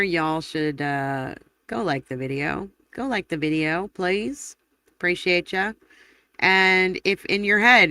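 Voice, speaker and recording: A chatty woman hosts a live stream, reading viewer comments aloud in a rambling way. Her voice is bright and forceful. The sound is dry and close, with no room echo. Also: low-pitched. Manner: chatty and rambling, quick laughs and self-corrections. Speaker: livestream host.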